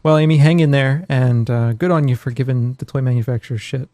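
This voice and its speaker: A man's voice: medium pitch, fairly quick, warm tone, no echo. Wry, laid-back man hosting a podcast. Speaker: podcast host. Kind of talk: casual chat.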